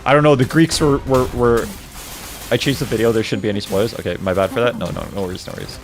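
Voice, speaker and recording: A man's voice: medium pitch, steady tone, fast talker, faint music behind. A young man streaming games, chatting casually, laughing often and bickering playfully with his chat.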